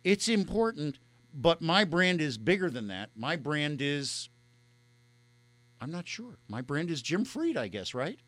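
Radio host guy, gushing and rambly, kinda high bright voice, dry studio mic. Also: sing-song, measured pace, dry recording. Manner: effusive, emotional, rambling. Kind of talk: casual on-air chat. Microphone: studio microphone.

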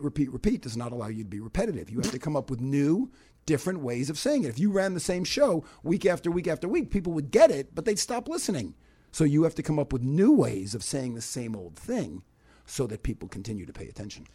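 A man speaks as a guest expert on a radio talk show, walking through his points one by one. His voice is warm and a little husky, and his pitch rises and falls a lot as he explains. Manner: explains in lists, animated.

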